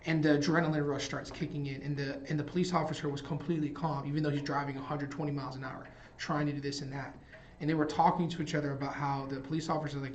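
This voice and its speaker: A young man hosting a trading live stream, calmly talking himself through his decisions and feelings in casual commentary. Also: on the high side, fast. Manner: thinking aloud, talking himself through emotions. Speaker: trading livestream host. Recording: dull lo-fi stream audio with faint music.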